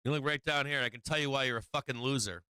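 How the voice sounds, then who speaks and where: Brash, bright-voiced live trading host. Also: male voice, medium pitch, racing, clear, resonant tone, no echo. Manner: brash, profane, repeats "right?" and restarts often; talks directly to viewers, coaching and taunting them. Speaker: host of a live stock market stream. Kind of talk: casual live trading commentary.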